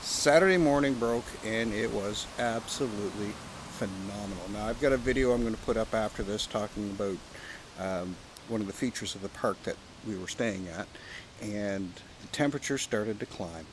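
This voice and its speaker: At a moderate pace and in a lowish voice, a man from Canada chats casually outdoors at his campsite, rambling and joking with some swearing. He's a pipe-smoking vlogger making a relaxed outdoor vlog, with wind and background noise plainly heard.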